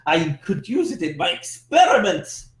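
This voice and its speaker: A man's voice: high-pitched, big pitch swings, moderate pace. A man voicing an eccentric male mad-scientist doctor, theatrical and grandiose, in tabletop role-play. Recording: echoey room.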